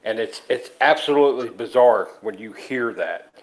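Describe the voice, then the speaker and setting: A man's voice: medium pitch, moderate pace, low-quality recording. A man chatting casually in a group, telling anecdotes.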